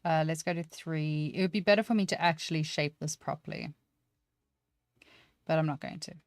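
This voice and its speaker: A woman's voice: sits low, normal speed, no room sound. A woman teaching 3D sculpting on a live stream, chatting casually and poking fun at herself as she works things out aloud. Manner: thinks aloud, self-deprecating, chatty.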